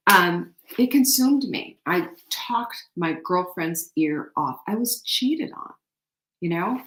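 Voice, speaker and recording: A woman hosting a show, giving an animated, faith-filled motivational talk to women. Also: medium pitch, slow pace. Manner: animated, emphatic, faith-inspired encouragement. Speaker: show host. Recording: echoey room.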